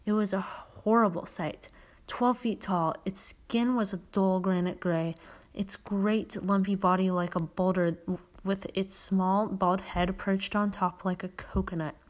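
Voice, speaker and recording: A woman's voice: mid-range voice, fairly even intonation, unhurried. Woman podcast host, mid-range voice, unpolished read-aloud of a children's book. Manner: occasional stumbles and self-corrections. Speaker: podcast host reading a story. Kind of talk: reading a children's novel aloud.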